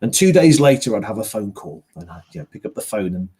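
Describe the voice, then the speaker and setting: A man's voice: lowish voice, sing-song, fast talker, dark tone, breathy edge. Rambling man who grew up in Yorkshire. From Yorkshire, England. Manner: rambling, many fillers and restarts. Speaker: audiobook narrator. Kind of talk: casual conversation, online book club.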